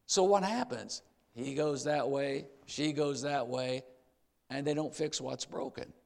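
Older man, preacher, emphatic sermon, gravelly voice, long hall reverb. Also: mid-range voice, unhurried, a little mellow. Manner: emphatic, repeats key phrases, addresses the congregation directly.

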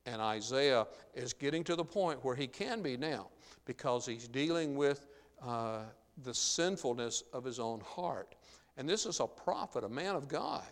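A man's voice: mid-range voice, lively intonation, unhurried. A man preaching a sermon in an earnest, emphatic way, his voice rising when he quotes Scripture. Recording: long reverb of a large hall.

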